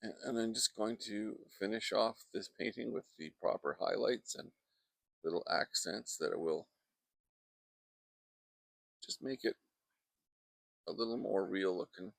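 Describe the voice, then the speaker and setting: A deep, heavily gravelly man talks through a painting demonstration outdoors. His voice is close and dry on the mic, and his relaxed chat keeps drifting into friendly asides. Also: a little slow, pauses often, no echo. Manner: chatty, wandering off into asides. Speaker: painting instructor. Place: outdoors in a backyard. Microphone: close microphone.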